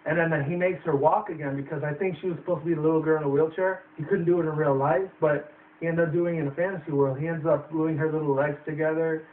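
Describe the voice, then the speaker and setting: Here a young guy rambles casually through a film review, full of swearing and fillers. He speaks quickly in a slightly high, steady voice, captured far from the mic with a tinny, roomy, phone-like quality.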